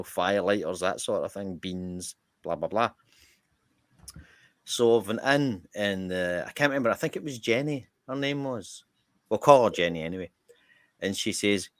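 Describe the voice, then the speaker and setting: A man with a broad Scottish accent casually telling an anecdote on a podcast, animated and swearing freely. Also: lowish voice, normal speed, no room sound, studio quality. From Scotland. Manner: animated, swears freely, jumps into quoted voices. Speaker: podcast co-host.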